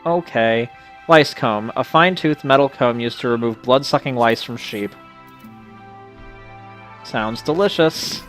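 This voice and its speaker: A man giving let's play commentary, wry and self-mocking with quiet mumbled asides. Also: medium pitch, a little slow, long pauses, soft background music. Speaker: game commentator.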